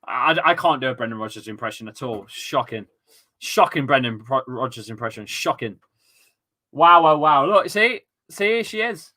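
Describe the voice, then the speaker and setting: A man with an East Midlands accent hosting a live football watchalong at home, full of excitable, sweary, rambling banter. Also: medium pitch, normal speed. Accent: East Midlands English. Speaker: host of a fan watchalong stream.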